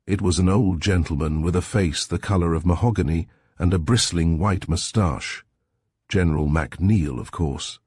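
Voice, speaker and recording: A man reading a sleep story aloud in a calm, soft-spoken, measured way with a husky voice. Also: low-pitched, dry recording.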